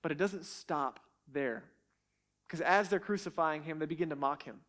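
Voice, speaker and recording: Man, Bible teaching, earnest, emphatic, high voice, repeats words. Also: normal speed, a bit bright.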